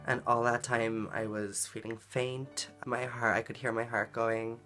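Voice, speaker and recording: A woman's voice: very deep voice, little pitch movement, a little slow, fairly bright tone, faint music behind. A woman vlogging a personal story in a casual, earnest way, full of "like" and "um" fillers. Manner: chatty, filler-heavy, frequent "like" and "um"; earnest and emotional in retelling.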